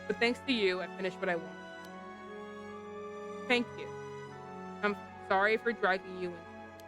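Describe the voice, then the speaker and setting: A woman voicing a guilt-ridden ghost schoolgirl, speaking softly, low and apologetic. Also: moderate pace, over music, lightly acted. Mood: remorseful.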